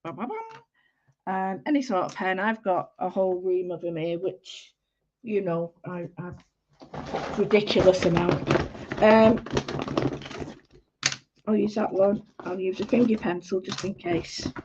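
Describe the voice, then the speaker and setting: A woman's voice: medium pitch, steady tone, unhurried, pauses often, lo-fi sound, noisy background. A woman with a Manchester accent hosting a chatty live-stream drawing lesson, rambling along and greeting viewers by name. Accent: Mancunian. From Manchester, England.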